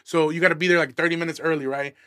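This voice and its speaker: A man's voice: fairly high pitch, fairly even intonation, rapid-fire, fairly bright tone, smooth, no room sound, studio quality. A young man from Illinois, a stand-up comedian hosting his podcast, telling a story in a casual, profane, fired-up rant. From Aurora, Illinois, USA.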